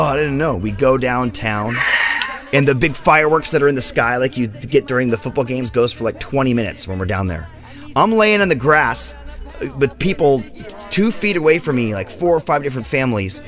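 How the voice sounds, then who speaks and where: A man hosting a casual chat show, telling a story in a relaxed way and acting out other people's lines in raised voices. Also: medium pitch, a little fast, faint music behind. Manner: animated, acts out friends' lines in raised voices. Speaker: podcast host.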